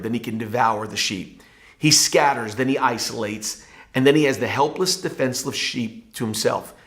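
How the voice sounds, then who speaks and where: A man's voice: mid-range voice, a bit bright. A male pastor giving a devotional Bible teaching in an earnest, emphatic preaching manner.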